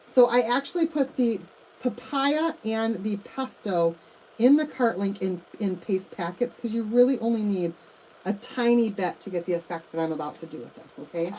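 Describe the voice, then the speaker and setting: A woman's voice: medium pitch, animated, normal speed, mellow, a little hiss or hum, poor audio. A middle-aged woman hosting a live craft demonstration, chatting to viewers as she works. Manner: chatty, addresses viewers as you guys and y'all. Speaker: craft livestream host.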